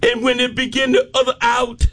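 A man preaching a fervent sermon, rising into shouted peaks and stretching out his phrases. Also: very high-pitched, completely flat delivery, moderate pace.

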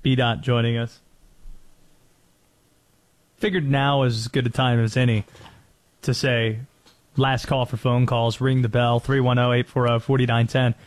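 A man's voice: mid-range voice, level tone, a little slow, long pauses. A man hosting a sports talk radio show, bantering playfully and laughing easily.

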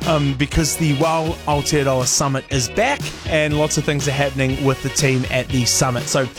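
A man's voice: mid-range voice, steady tone, normal speed, over music. A New man hosting a breakfast radio show, chatting playfully with laughing asides. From New Zealand. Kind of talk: casual radio chat.

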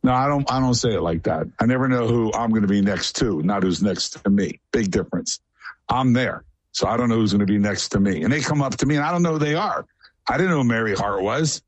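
A man's voice: on the low side, no echo. A man guest in a casual radio interview, telling long, rambling stories in a matter-of-fact way.

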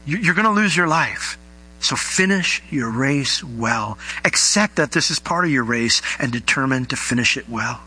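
A man preaching a sermon, animated and acting out the people he quotes. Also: medium pitch, moderate pace, slightly rough, rough recording. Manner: animated, acts out quoted voices. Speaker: pastor.

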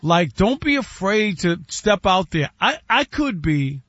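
A man co-hosting a sports radio show, talking in animated, playful banter. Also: sits high, measured pace, no echo, highs cut off. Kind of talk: casual sports radio chat.

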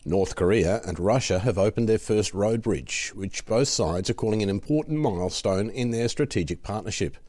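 Male newsreader, lowish voice, dry close studio read, formal. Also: a little mellow, no room sound. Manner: measured, formal delivery. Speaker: news anchor. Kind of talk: scripted news reading. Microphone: studio mic.

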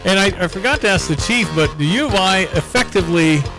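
A man's voice: sits high, animated, fast, music in the background, rough recording. A man hosting a casual local radio talk show, rambling and joking, often repeating his words. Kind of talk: casual morning radio banter.

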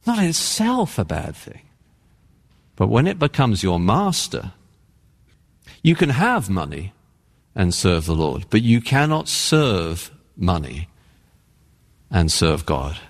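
An earnest male pastor delivering a sermon with lively, swooping pitch and dramatic pauses. His voice rings out with a long reverb, as if recorded in a large church sanctuary. He presses his points emphatically, slowing down and speeding up.

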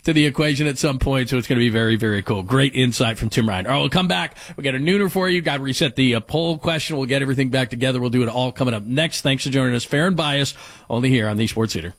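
A man's voice: medium pitch, fast talker, dry recording, studio quality. A man hosting a sports radio show, wrapping up segments in an upbeat, effusive way. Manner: upbeat, effusive wrap-ups. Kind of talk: casual radio sports chat.

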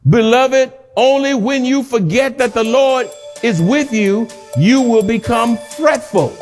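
A man preaching a sermon. He reads scripture with a preacher's cadence, breaks out in shouted lines and calls the congregation to answer back, and at times his voice turns tearful and pleading. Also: sits high. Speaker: pastor.

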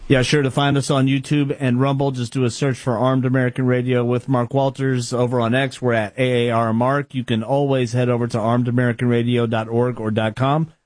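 A man's voice: medium pitch, flat delivery, brisk, few pauses, darkish tone, no room sound. A male radio producer giving show details in a matter-of-fact way. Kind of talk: casual talk radio.

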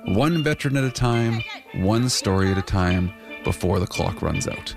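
A man co-host reading a promo in a joking, low-key way. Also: lively intonation, moderate pace, vocal fry, over music. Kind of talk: casual banter and promo.

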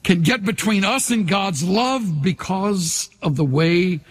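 A man's voice: high-pitched, slow pace, husky. An older male pastor preaching a sermon, leading the congregation in call-and-response with emphatic, repetitive phrasing in a large church. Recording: long hall reverb.

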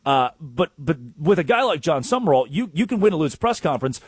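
Sports talk guy, high lively voice, tells stories and acts out quotes. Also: fast, slightly rough, no echo, studio quality. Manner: storytelling, acts out quotes, excitable. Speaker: sports talk show co-host.

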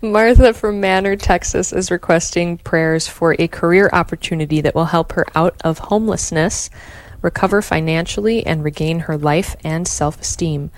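A woman co-hosting a live radio prayer show, answering the rosary and calmly reading listeners' prayer requests. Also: fairly low pitch, no room sound. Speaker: radio co-host. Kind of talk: praying and reading listener intentions.

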